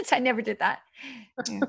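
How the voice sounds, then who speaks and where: A woman player in a tabletop game, talking in an excitable, rushed and playful way. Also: on the high side, creaky, husky. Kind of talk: tabletop role-play.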